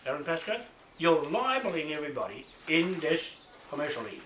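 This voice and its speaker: A man delivers a furious, profane rant, circling back on his points and demanding "right?" again and again. His voice sits a little high and sounds sharp and forceful. The room echoes around him, with faint noise underneath. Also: big pitch swings, fairly quick. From New Zealand. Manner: angry, profane, repetitive, keeps asking "right?". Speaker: self-recorded complainant. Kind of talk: ranting self-made video.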